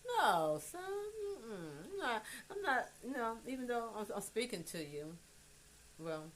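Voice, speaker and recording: A middle-aged woman on a phone livestream, talking to her grown son in a rambling, blunt monologue. She swears freely and swings between soft and loud. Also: on the high side, big pitch swings, a little slow, a little hiss or hum.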